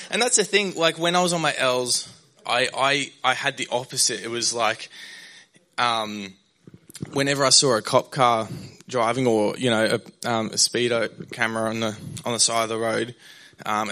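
Young male pastor, candid rambling testimony, bright edge, mid pitch. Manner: candid and rambling, with many fillers and restarts. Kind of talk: personal testimony in a sermon.

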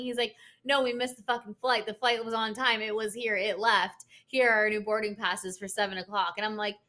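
A young woman with a high, bright voice tells a long story in casual chat. She talks in loose, filler-heavy bursts and curses freely. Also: fairly quick. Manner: animated storytelling, lots of "like" fillers and swearing.

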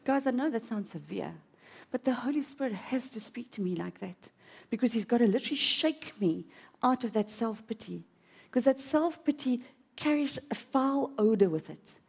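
A woman's voice: on the high side, expressive, normal speed, creaky, a little mellow, breathy edge. A woman preaching a sermon in an auditorium, telling a personal story with dramatic swings of emotion.

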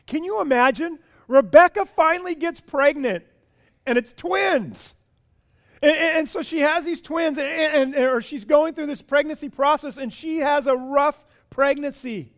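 A man with a high-pitched voice delivers a sermon as pastor. He is animated and keeps turning questions on his listeners, often repeating words as he goes. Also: measured pace.

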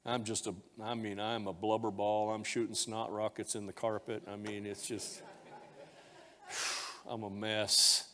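A man's voice: fairly low pitch, level tone, a little slow, sharp tone. A male pastor preaching a sermon, telling a personal confession in an emotional, heartfelt way. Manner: emotional confessional storytelling, voice rising when moved. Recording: long hall reverb.

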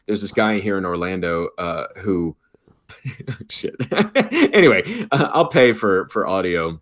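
A man's voice: low-pitched, expressive, takes it slowly, a bit bright. A man guesting on a podcast, talking casually, swearing freely, laughing and stumbling over restarts. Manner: profane, laughing, stammers and restarts often. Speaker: podcast guest, film festival organizer.

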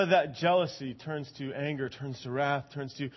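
A man preaching a sermon with a fairly high voice. He tells a story in a chatty way, with frequent restarts and repeated words, then builds to impassioned emphasis. The recording is dull and a bit muffled. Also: normal speed, hardly any pauses, slightly rough.

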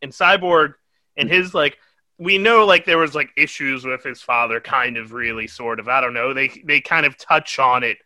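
A man's voice: mid-range voice, normal speed, pushed and bright, no echo. A young man hosting a podcast, reviewing a movie in casual, rambling chat that is full of swearing and laughter. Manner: rambling, profane, laughs often. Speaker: podcast host.

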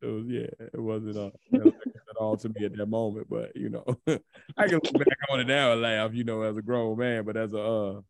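A man's voice: on the low side, moderate pace, vocal fry, no room sound, clean studio sound. Laughing, profane young man telling stories. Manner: animated storytelling, laughs often, profane. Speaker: podcast co-host. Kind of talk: casual chat.

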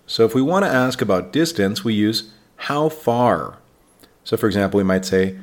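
A man with an American accent hosting an English-learning podcast, speaking slowly and clearly and giving example sentences for learners. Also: fairly low pitch. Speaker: English teacher, podcast host. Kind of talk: scripted teaching podcast.

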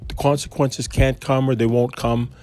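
A man's voice: medium pitch, flat delivery, normal speed, darkish tone. A man giving an informal Christian talk, wandering into conversational asides. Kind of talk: informal preaching.

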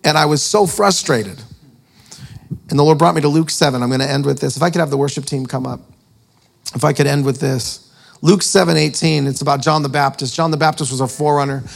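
A man's voice: a little high, fairly quick, creaky. Chatty self-mocking male preacher. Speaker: preacher and author. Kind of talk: storytelling sermon.

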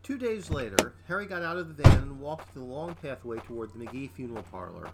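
A man narrating a scripted story in a steady, plain storytelling voice. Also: medium pitch, brisk, gravelly, very noisy.

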